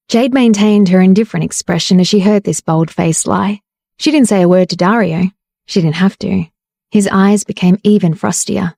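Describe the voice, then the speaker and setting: A woman narrates a romance audiobook in a steady, even read. Her voice is mellow and warm, and the recording is dry and close with no room sound. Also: medium pitch, moderate pace, creaky, dry recording. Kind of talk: scripted narration.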